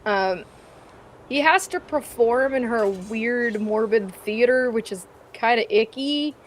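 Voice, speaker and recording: A woman's voice: fairly high pitch, slow, slight background noise. A woman playing in a tabletop game stream, chatting in a rambling, casual way full of ums. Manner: rambling, with frequent ums and laughs.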